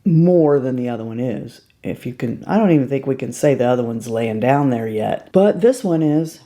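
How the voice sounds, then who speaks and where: In a beauty tutorial, a woman aged fifty or older chats casually and directly to her viewers while applying her makeup. She has a deep voice with a dark tone.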